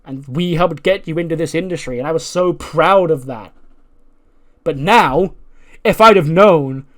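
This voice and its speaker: Guy doing a fed-up veteran wrestler lady, pitched way up, loud and scolding. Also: a little slow, close to an everyday voice. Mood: angry. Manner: scolding, emphatic. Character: fierce veteran female wrestler, proud and indignant.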